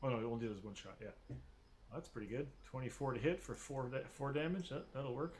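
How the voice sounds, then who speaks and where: Man, game master, tabletop game, relaxed, halting, restarts sentences, mid pitch. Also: background noise. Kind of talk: running a tabletop game online.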